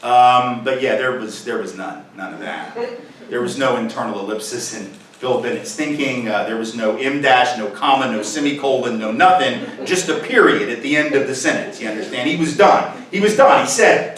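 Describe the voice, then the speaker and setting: A man's voice: mid-range voice, brisk, fairly bright tone, slight background noise. Punchy lecturing man in an echoey hall. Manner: rhetorical, punchy, keeps asking the audience "right?". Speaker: guest speaker. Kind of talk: public lecture. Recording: echoey hall, mic at a distance.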